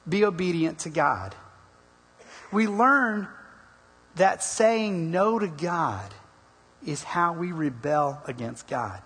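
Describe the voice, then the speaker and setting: A preacher tells an old story to his congregation in a husky, rather high voice. He drops his pitch down low on repeated words. The sound rings out with a long echo, as in a large sanctuary. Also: fairly bright tone. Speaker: pastor. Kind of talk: sermon. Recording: long hall reverb.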